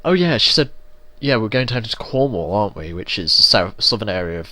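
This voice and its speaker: A man's voice: on the low side, expressive, a little fast, sharp tone, dry recording. A young man from England giving casual, sweary, ranting commentary while playing a video game. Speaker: let's play gamer.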